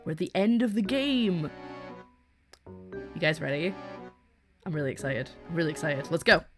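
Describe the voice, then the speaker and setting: She's a young woman streamer talking through a game in a casual, chatty way, frequently giggling and breaking off her own sentences. Her low-pitched voice has lively intonation at a moderate pace, with soft music underneath.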